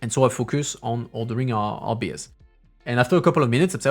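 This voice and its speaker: A Frenchman in his thirties, a streamer who also works as a parliamentary assistant, rambles through stories on a casual stream, restarting often and filling gaps with filler sounds. His French accent mixes in various English accents, and his mid-range voice moves quickly over soft background music.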